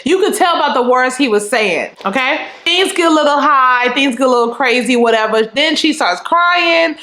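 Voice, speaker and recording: A young woman with a Southern US accent tells a story in a casual, animated way, talking straight to the viewer. Her voice sits fairly high, and it echoes around a room that bounces the sound back. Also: moderate pace. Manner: animated, chatty, fills talk with "you know what I'm saying". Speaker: storytime vlogger.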